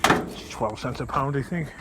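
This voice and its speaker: A man's voice: medium pitch, normal speed. A middle-aged man chatting casually on a scrap metal vlog, meandering and filler-heavy, recorded at a work area. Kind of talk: casual rambling vlog talk. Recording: loud background noise.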